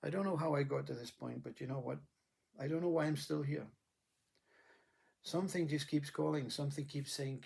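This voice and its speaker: Husky breathy guy musing about surrender, halting, repeats himself a lot. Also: fairly high pitch, fairly even intonation, darkish tone. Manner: halting, reflective, repeats words. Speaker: spiritual speaker. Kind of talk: spiritual monologue.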